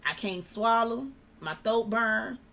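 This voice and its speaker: A woman's voice: fairly high pitch, slow, gravelly. A young woman, a guest in an interview, telling a personal story in a casual way and acting out what people said. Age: young adult. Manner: animated, acts out quoted dialogue.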